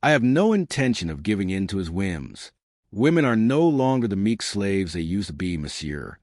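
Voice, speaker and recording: Male reader voicing a nervous wife, low voice, pleading, lilting lines. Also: big pitch swings, moderate pace, darkish tone, no echo, studio quality. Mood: indignant. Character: frightened middle-aged wife, anxious, indignant. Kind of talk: audiobook reading.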